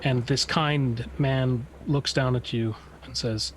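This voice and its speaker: A man running a tabletop game, describing scenes in a halting, searching way. His voice sits at a middle pitch, with a faint noise underneath. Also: steady tone, low-quality recording. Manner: halting, many fillers and restarts. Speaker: game master.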